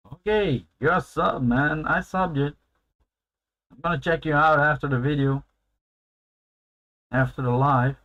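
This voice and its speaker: A man's voice: a little high, fairly bright tone, highs cut off. A man hosting a casual live stream, chatting loosely and laughing often as he answers his viewers.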